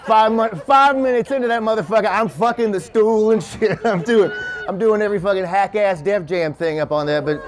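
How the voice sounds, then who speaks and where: Kentucky guy doing standup at a winery, high voice, swears a lot, cracks himself up, crowd laughing. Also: brisk. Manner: loose, profane, laughs at his own lines. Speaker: stand-up comedian. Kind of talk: stand-up set with crowd work. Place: winery comedy show before a live audience. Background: audience laughter.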